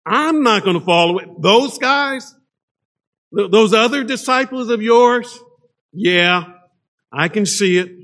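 A preacher putting on a brash, boastful disciple. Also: male voice, high voice, expressive, slow pace, pauses often, a bit bright, exaggerated voice. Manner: cocky, dismissive. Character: boastful male disciple, brash and self-assured.

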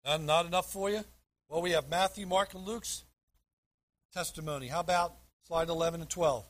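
A man with a high, husky voice delivers a sermon from the pulpit. He reads scripture aloud verse by verse and leans hard on the words he wants to land. His preaching is emphatic and direct. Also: moderate pace. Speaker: pastor.

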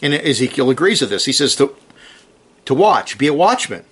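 A man preaching a sermon, earnest and emphatic, driving his points home with short repeated commands and reading scripture slowly with rising stress. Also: mid-range voice, very animated, a bit bright, slightly rough.

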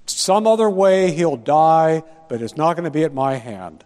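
A man's voice: fairly high pitch, a little slow, darkish tone, big-room sound, natural voice. A man reading out the words of a steadfast young warrior in a firm, resolute voice. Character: steadfast young male warrior refusing to strike.

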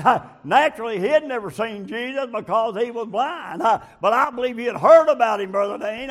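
A man preaching a sermon, leaning on a filler before each phrase and building up to shouting. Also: sits high.

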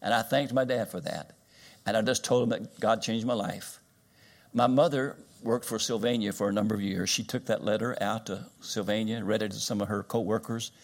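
A man's voice: fairly low pitch, steady tone, a little fast. An older man from Kentucky, preaching a sermon in a folksy, plain-spoken storytelling way.

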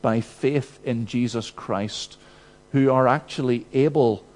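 Slow, deliberate male preacher. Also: mid-range voice, darkish tone. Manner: emphatic, rhetorical questions. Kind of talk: expository sermon.

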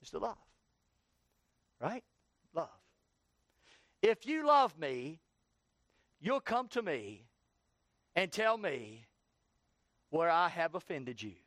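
Male pastor, high voice, fervent sermon delivery, dry close recording. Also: sing-song, takes it slowly, long pauses, fairly bright tone, no echo. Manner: preaching with rising, heated questioning. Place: church.

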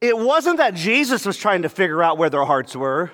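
A pastor preaching a sermon, animated, with playful asides and quick mock voices. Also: male voice, sits high, long reverb tail.

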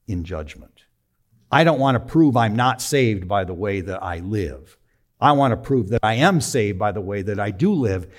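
A middle-aged man preaching a sermon, telling a personal story with emotion, moving from quiet to emphatic. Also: fairly low pitch, lively intonation, moderate pace. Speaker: pastor.

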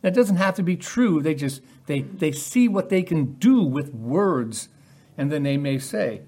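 Husky guy giving a sermon, chatty, keeps asking the congregation questions. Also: a little high, expressive, unhurried, a little mellow. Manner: conversational, asks the listeners rhetorical questions. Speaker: preacher.

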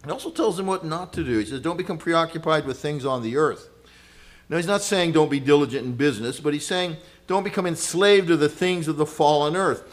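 Man preaching, earnest, loud-to-hushed swings. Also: a little high, fairly quick. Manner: conversational asides with fillers and chuckles. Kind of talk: sermon.

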